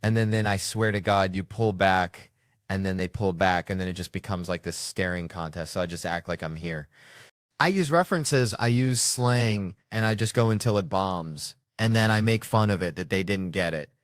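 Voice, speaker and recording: A low-pitched man tells long, meandering comic stories in a relaxed interview chat. His voice sits close and dry with almost no room around it. He talks like a touring stand-up swapping road tales. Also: normal speed, no echo. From United States. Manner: rambling, joking storyteller. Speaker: comedian guest.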